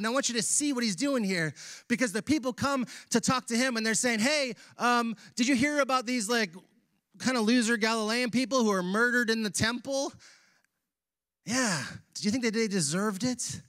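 High-voiced man preaching a casual sermon. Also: normal speed, dry recording, clean studio sound. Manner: casual, animated preaching with slang. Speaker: pastor. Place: church sanctuary.

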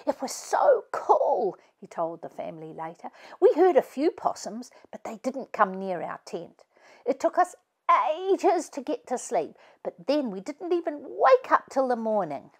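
A woman's voice: high-pitched, very animated, a little slow, husky, pitched above the performer's own voice, exaggerated voice. A woman reading aloud, voicing a nervous young boy who is scared of night noises. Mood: excited.

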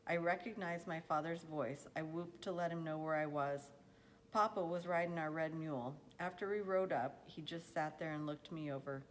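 A woman reading a novel aloud in an unhurried storybook manner, now and then stumbling and correcting herself. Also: low-pitched, fairly even intonation. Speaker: reader.

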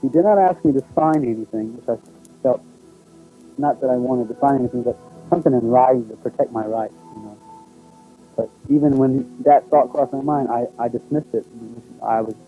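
A man telling his own experience in a documentary, recalling it in halting, unpolished speech with restarts. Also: medium pitch, narrow, tinny audio, faint music behind. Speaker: eyewitness recounting his experience. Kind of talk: first-person testimony in a documentary.

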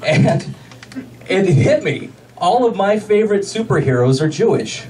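A man doing a stand-up comedy set, delivering deadpan one-liners with pauses for laughs. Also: high-pitched. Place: comedy club stage with a laughing audience. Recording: distant club recording with loud crowd noise.

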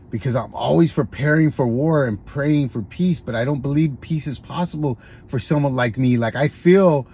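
A man's voice: mid-range voice, moderate pace, few pauses, a little mellow, slight background noise. A man hosting a podcast, talking candidly in a confessional monologue with frequent restarts. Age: adult, has a grown son. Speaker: podcast host. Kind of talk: personal monologue about recovery.

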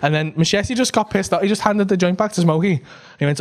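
A man with a Liverpool accent doing stand-up, telling a long story in an animated, swearing way and acting out the people in it, on a comedy club stage. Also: sits high, quick pace.

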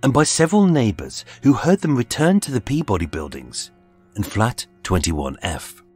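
Husky, low-voiced male true-crime narrator; dramatic, lively pitch, measured scripted delivery. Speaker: podcast narrator. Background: faint music.

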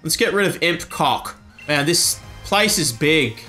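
A man's voice: a little high, expressive, unhurried, pushed and bright, soft background music. Joking man playing a game. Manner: crude, joking banter. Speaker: YouTube gamer. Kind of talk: let's play commentary.

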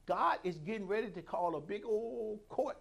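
High-voiced preaching man. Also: expressive, moderate pace, vocal fry. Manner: preaching with call-outs, acting out quoted voices. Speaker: pastor. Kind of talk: sermon.

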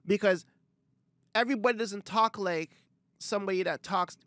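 A man's voice: sits high, moderate pace, fairly bright tone, no echo. A young man, co-hosting a casual podcast and arguing his point at length. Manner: reasoned arguing, frequent affirming murmurs. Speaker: podcast co-host.

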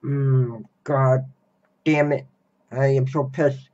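A young man ranting slowly and repetitively in a reaction video. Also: mid-range voice, little pitch movement, darkish tone. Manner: slow, repetitive, grumbling. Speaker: vlogger. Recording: dull lo-fi recording.

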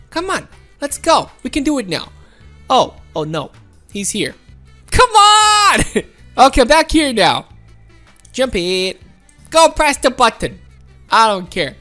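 A woman's voice: sits high, fairly bright tone. A woman giving casual gameplay commentary, playful and coaxing her teammates, often laughing. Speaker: gaming commentator.

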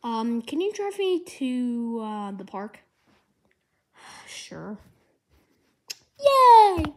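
A woman's voice: a little high, big pitch swings, drawn-out words, no echo, heavily acted. A woman voicing an impatient, whiny young giraffe character. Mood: eager.

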